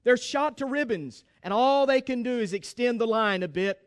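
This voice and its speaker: Male preacher voicing a hard-nosed old sergeant: blunt and grim, smooth tone. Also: very high voice, normal speed. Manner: blunt, gloomy.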